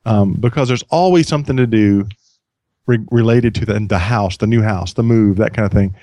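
A man's voice: fairly low pitch, normal speed, dry recording. Chatty male podcast host, dry sound. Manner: relaxed, rambling with restarts and self-deprecating laughs. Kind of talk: casual podcast chat.

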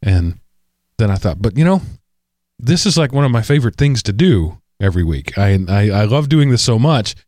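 A man hosting a podcast in a casual chat, congested and hoarse from allergies, tired but joking along. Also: fairly low pitch, sing-song, normal speed, a little mellow, no room sound, studio quality. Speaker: podcast host.

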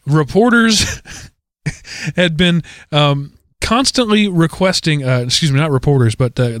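A man co-hosting a podcast, casually retelling odd news stories in an animated way, often correcting himself mid-sentence. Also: fairly high pitch, dry recording, clean studio sound. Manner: animated, self-correcting storyteller. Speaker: podcast co-host.

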